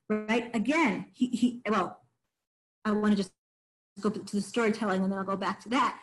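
A woman's voice: medium pitch, fairly even intonation, moderate pace, low-quality recording. A woman teaching a text study lesson, explaining verses and often checking in with "right?". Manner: reads Hebrew verses then translates.

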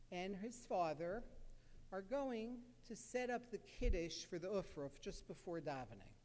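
A man's voice: on the high side, darkish tone. A man, a psychologist, telling a story in an earnest, repetitive lecture, with many fillers. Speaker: psychologist giving a talk. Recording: echoey hall.

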